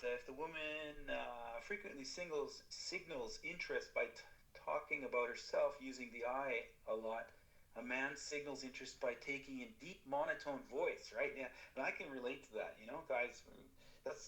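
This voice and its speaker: A man talking casually on a podcast as co-host, halting with fillers and restarts. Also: medium pitch, sharp tone, reverberant, rough recording.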